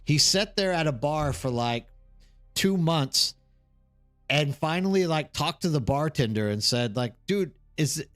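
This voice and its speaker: A man's voice: on the high side, expressive, measured pace, fairly bright tone, faint music behind. A tired man from the Houston area, chatting casually as a livestream host and rambling with lots of "like" and "dude". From Texas, Houston area. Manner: rambling, chatty, says "like" and "dude" a lot, reads the chat aloud.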